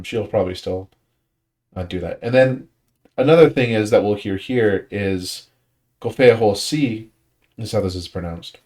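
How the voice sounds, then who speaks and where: This man's voice is fairly low and darkish. Leading a language study group, he explains pronunciation in a casual way, thinking aloud with lots of fillers and frequently restarting his sentences.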